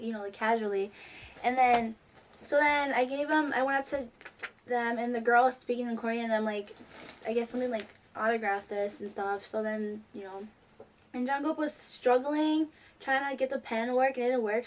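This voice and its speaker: Young woman, high voice, excitable, lots of "like", casual chat. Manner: excitable, heavy use of "like". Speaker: fan vlogger. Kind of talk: casual storytelling.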